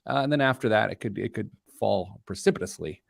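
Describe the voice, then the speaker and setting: A man's voice: lowish voice, quick pace, creaky, dry recording, studio quality. A man hosting a talk show, telling stories and joking in casual banter. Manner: animated joking storyteller. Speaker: host.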